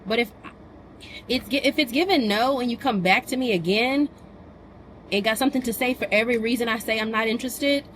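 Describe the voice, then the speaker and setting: A woman vlogging as a busy mother, telling stories in a casual, animated and exasperated way. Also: on the high side, a little fast, slight background noise. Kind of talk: casual vlog chat.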